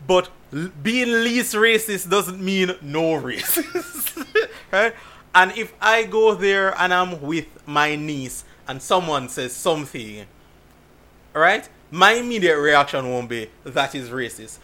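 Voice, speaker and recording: A man from Jamaica, chatting casually and telling stories in an animated way, laughing often. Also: high voice, slow. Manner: animated storytelling with frequent laughs. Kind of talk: casual chat.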